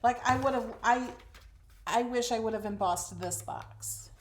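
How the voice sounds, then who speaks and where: A woman's voice: fairly high pitch, slow pace, slight background noise. A woman hosting a craft livestream, chatting casually with viewers, gushing over her projects with fillers and restarts.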